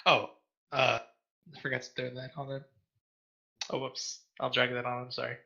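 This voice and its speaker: A man's voice: medium pitch, moderate pace, creaky, muffled recording. A man playing a tabletop game over voice chat, often apologizing for his mistakes. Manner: apologetic, self-deprecating, excitable. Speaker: player.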